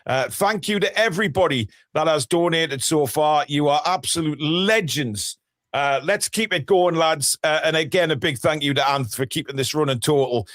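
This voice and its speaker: A man's voice: on the high side, moderate pace, fairly bright tone, no echo, clean studio sound. A man hosting a live charity stream, chatting with co-hosts and urging viewers to donate and subscribe. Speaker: host.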